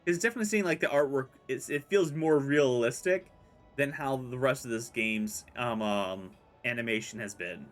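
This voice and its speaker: A man's voice: medium pitch, normal speed, soft background music. A man hosting a casual gameplay video, chatting loosely as he plays. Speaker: gaming channel host. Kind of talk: casual Let's Play commentary.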